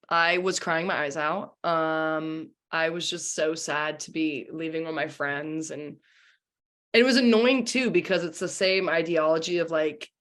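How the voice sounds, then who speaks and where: A woman's voice: sits low, fairly bright tone. A young woman, a singer and former contestant, chatting casually in an interview with lots of "you know" and "um". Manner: chatty with many fillers like 'you know' and 'um'.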